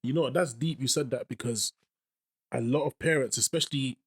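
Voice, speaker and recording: Man, podcast guest, quick talker, husky edge, animated storytelling. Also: mid-range voice. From London, of Ghanaian parents. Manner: animated storyteller, acts out voices. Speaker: guest rapper. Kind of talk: casual podcast chat.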